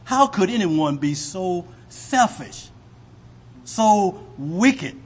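A man preaching a sermon with a husky voice, asking the congregation rhetorical questions. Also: high-pitched, a bit bright. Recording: long hall reverb.

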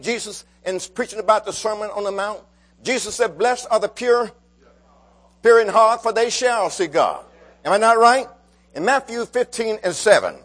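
A man preaching a sermon, rising and falling in emphasis and calling out to his congregation. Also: sits high.

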